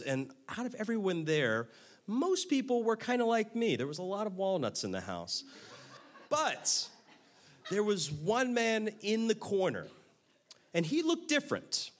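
Male magician storyteller, comedic, self-mocking, fairly high voice with lively swings in pitch.

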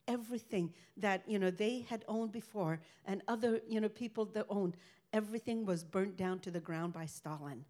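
A woman's voice: mid-range voice, darkish tone. Rambling older woman sharing testimony. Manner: rambling, halting storytelling. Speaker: ministry speaker. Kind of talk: personal faith testimony.

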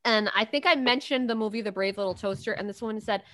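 A woman's voice: mid-range voice, quick pace, hardly any pauses, bright, forceful tone, dry recording. A woman co-hosting a podcast over a video call, telling stories in a chatty way with plenty of ums. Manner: chatty storyteller, lots of ums and uhs. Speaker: podcast co-host.

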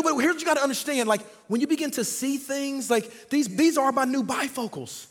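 A man in his forties preaching a sermon in a casual, repetitive way, swinging between loud outbursts and quiet passages. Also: extremely high pitch, fairly quick, big-room sound. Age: 40s. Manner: conversational, repetitive, dynamic shifts from loud to quiet. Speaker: pastor. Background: faint band music.

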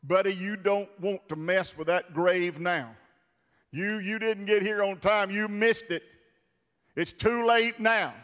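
A fervent male preacher with a high, bright, ringing voice that swings from hushed asides to full shouts. His sermon carries the long reverb of a big church hall. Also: steady tone, slow.

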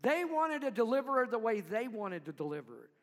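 A man preaching a sermon in an animated way, acting out crowd voices and dropping to quiet low tones. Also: fairly quick. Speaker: pastor. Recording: long reverb in a hall.

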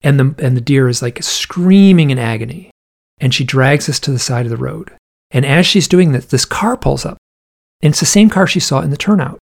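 A man tells a story in a casual, rambling, animated way, full of vivid detail. His voice is gravelly with a husky edge, and he often stops to restart his sentences. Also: medium pitch, moderate pace.

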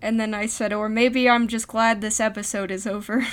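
A woman's voice: on the high side, flat delivery, normal speed, smooth. A young woman co-hosting a podcast, chatting casually with wry jokes and frequent laughter. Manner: giggly, wry. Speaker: podcast co-host. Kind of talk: casual chat.

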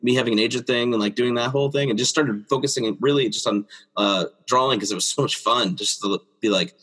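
A man with a slightly husky voice sits down for a casual interview chat. He tells stories about his art with plenty of laughter and pops up into a high register to mimic the people he quotes. He sounds like a friendly illustrator in his thirties. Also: fast talker. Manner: animated storyteller, acts out quotes in a high voice, laughs often. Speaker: children's book illustrator, guest.

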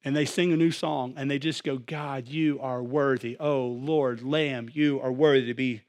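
A young adult man preaching a sermon, animated, swinging from loud to hushed. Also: mid-range voice, normal speed. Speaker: pastor.

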